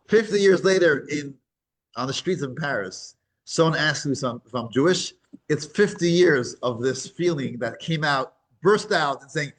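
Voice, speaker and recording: A man teaching a weekly class to a small group. He talks in a halting, casual way with many restarts and grows animated when he tells a story. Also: mid-range voice.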